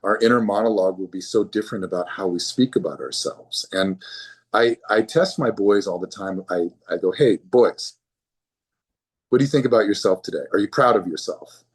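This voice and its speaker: A man's voice: fairly low pitch, normal speed, slightly rough. A man speaking as a physician guest in an interview, earnest and often repeating words as he starts a thought. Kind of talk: conversational interview.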